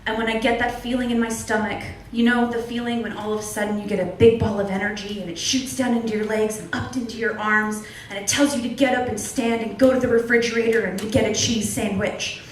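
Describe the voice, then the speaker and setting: A woman's voice: a little high, steady tone, fairly quick, few pauses, slight background noise. A young adult woman at an open mic, performing spoken word poetry in an earnest, candid way with wry humor. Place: small club at an open mic. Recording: distant echoey room recording.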